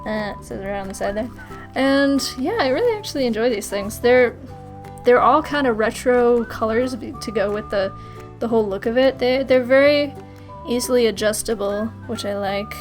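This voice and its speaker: Giggly, rambling young woman with a high voice. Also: moderate pace, faint music behind. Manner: giggly and rambling, often laughing. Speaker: YouTuber. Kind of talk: casual Q&A vlog.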